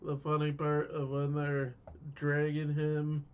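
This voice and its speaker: Brief: male co-host, unhurried and higher-pitched, chuckles a lot, dull lo-fi sound. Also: monotone, a little hiss or hum. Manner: chuckling, easygoing interjections. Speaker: podcast co-host. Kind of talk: casual movie recap chat. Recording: muffled lo-fi recording.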